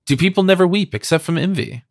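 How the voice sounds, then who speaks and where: A man reading an audiobook, voicing a shy young woman with a soft, hesitant way of speaking. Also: high voice, quick pace, dry recording, clean studio sound, voice pushed up. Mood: timid. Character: shy, tender young woman close to tears.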